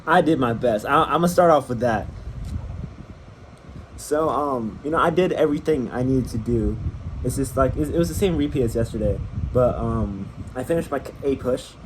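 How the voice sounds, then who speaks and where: A tired young man talking in a casual diary vlog, halting and full of fillers and restarts. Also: mid-range voice, a little hiss or hum. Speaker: vlogger.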